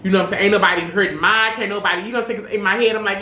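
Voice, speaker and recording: A woman's voice: medium pitch, fairly even intonation, very fast, few pauses, pushed and bright. A woman co-hosting a podcast, talking candidly and rambling, filling her speech with "you know what I'm saying". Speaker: podcast co-host. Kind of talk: casual chat. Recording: roomy room with faint noise.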